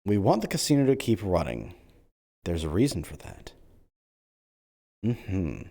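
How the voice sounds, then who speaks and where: Excitable, scheming male role-play streamer. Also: deep voice, creaky. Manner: excitable, scheming, quick jokes. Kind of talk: in-character role-play chat.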